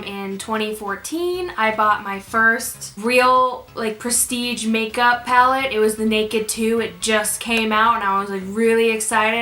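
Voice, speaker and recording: A woman's voice: on the high side, bright, forceful tone. A young woman chatting casually in a Q&A vlog, rambling with fillers and restarts. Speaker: beauty YouTuber. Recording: echoey room with music behind.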